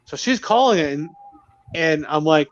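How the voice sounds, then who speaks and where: A man from Rhode Island telling a story among friends in casual chat, swearing freely and with lively delivery. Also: on the high side, moderate pace, muffled recording, slight background noise.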